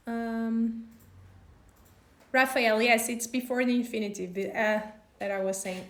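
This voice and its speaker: Slow, patient woman teaching on a live stream. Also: fairly high pitch, level tone, roomy sound. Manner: slow, patient, over-pronounces example words. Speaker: language teacher. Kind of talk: live-stream lesson answering viewer questions.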